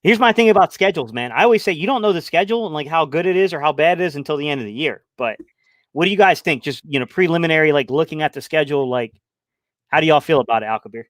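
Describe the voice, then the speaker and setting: A man's voice: a little high, lively intonation, quick pace, fairly bright tone, no echo. A man hosting a casual sports talk show, laid-back, speaking straight to his listeners. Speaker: podcast host.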